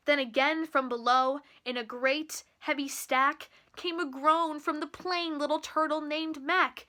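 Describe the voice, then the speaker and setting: A teenage girl reads a children's story aloud with a slow, expressive delivery. Her voice is high and bright. She lingers over the rhymes. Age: teens. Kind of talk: reading a children's picture book aloud.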